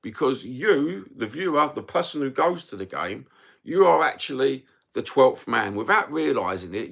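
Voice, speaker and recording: Middle-aged bloke, gravelly voice, impassioned live-stream rant, slangy and sweary, mid-pitched. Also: male voice, a bit bright. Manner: impassioned, swearing, slangy, rhetorical questions to viewers. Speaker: football fan live-streamer. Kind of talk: ranting live stream monologue.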